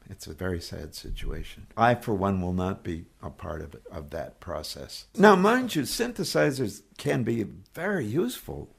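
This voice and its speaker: An older man, a guest orchestrator, speaking thoughtfully and measuredly with a gently dry manner in an interview. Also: low voice, very animated, moderate pace, creaky, few pauses, slightly rough. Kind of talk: reflective interview talk.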